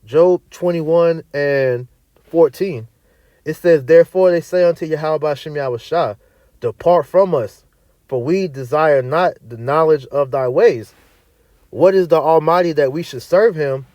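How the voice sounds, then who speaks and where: The voice is a little high and a little mellow, unhurried, in a dry recording, belonging to a man who preaches and teaches scripture. Emphatic and repetitive, he often says "all right" after points and reads verses aloud in archaic wording. He mutters off-mic as he searches.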